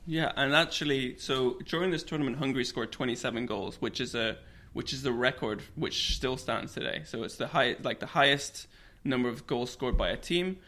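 A man's voice: medium pitch, moderate pace, bright, forceful tone. A man co-hosting a podcast, telling football history stories in a casual, chatty way. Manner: storytelling, laughs often. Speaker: podcast co-host.

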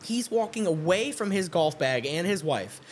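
A man's voice: high-pitched, moderate pace, a little hiss or hum. A man telling a funny story in casual chat, laughing as he acts out what people said. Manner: animated storyteller, quoting people with voices.

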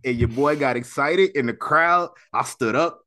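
A man's voice: medium pitch, moderate pace. A man in his thirties co-hosting a podcast, telling wrestling stories in a loose, slangy way. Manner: storytelling, animated with slang. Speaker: podcast co-host. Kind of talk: casual wrestling chat.

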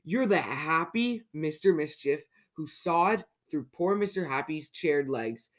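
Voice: medium pitch, lively intonation, slow pace. Reader putting on a stern old wizard from a kids' storybook, scolding and a bit grand. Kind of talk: storybook read-aloud.

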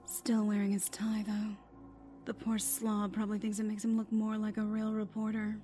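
A man's voice: high-pitched, completely flat delivery, normal speed, mellow, pitched above the performer's own voice, lightly acted. A man voicing a calculating young female spy in an audiobook-style reading, often dropping into sly whispered asides. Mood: sardonic. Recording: music bed under the reading.

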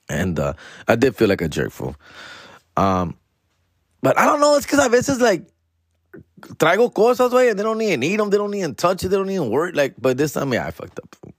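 A podcast host rambles through a story alone at home, full of "fool" and "dog". He is animated and slips into Spanish, doing higher voices for family. The sound is dry and close. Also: brisk, dry recording. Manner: slangy, peppered with "fool" and "dog", switches into Spanish. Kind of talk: casual storytelling monologue.

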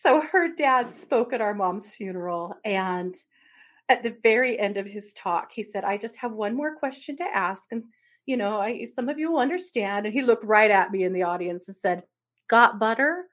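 A woman co-hosts a casual podcast chat and tells a family story at length. She laughs often and acts out what each person said. Her voice sits at an ordinary mid pitch. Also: animated, normal speed, fairly bright tone. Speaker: podcast co-host.

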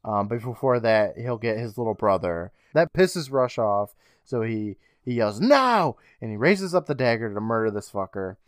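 A man's voice: on the low side, lively intonation, moderate pace, smooth, no echo, studio quality. A young adult man co-hosting a podcast, recapping a TV episode in a wry, profane, casual way. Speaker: podcast co-host.

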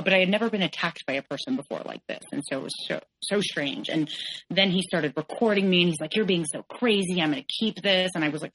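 Woman w a low voice, podcast guest telling her own story, candid, lots of "like" and restarts. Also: low-quality recording. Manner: frank, halting, with many "like"s and self-corrections.

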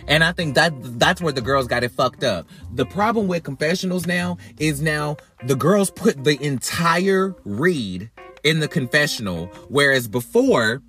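A man of middle pitch rants bluntly on his podcast, swearing freely and tripping over repeated words as he gets worked up. His talk is casual and animated. Faint music plays underneath. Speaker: podcast host. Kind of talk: casual reality-TV commentary podcast.

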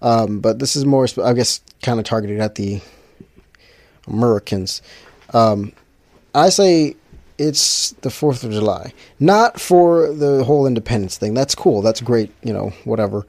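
A man's voice: medium pitch, measured pace, darkish tone, dry recording. A man chatting casually to his viewers, rambling with frequent restarts and fillers.

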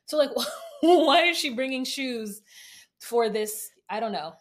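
A woman hosting a podcast, recapping a show in an animated, laughing casual chat. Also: high-pitched, takes it slowly. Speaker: podcast host.

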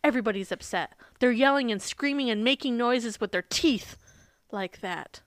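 A woman's voice: fairly high pitch, moderate pace, no echo. A young woman co-hosting a casual podcast, retelling a book in a chatty way with lots of fillers. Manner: chatty, many fillers, laughs often. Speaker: podcast co-host.

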